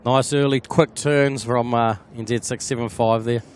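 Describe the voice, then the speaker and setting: A New Zealand man talks easily through a live plane-spotting stream, greeting viewers by name and calling out flights as they pass. His voice sits at an ordinary middle pitch. Faint traffic and outdoor hum run underneath. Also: steady tone, normal speed. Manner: chatty, answers viewer comments by name. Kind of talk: casual live-stream commentary.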